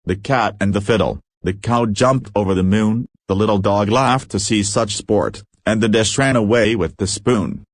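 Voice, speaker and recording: A man voicing a solemn female alien crew member who reads gravely. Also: fairly low pitch, normal speed, few pauses, no echo, close to an everyday voice.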